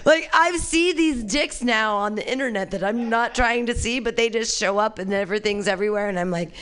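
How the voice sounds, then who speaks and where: A woman performing a stand-up comedy set, brash and crude, swinging between shrieked punchlines and low muttered asides. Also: a little fast, a bit bright. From California.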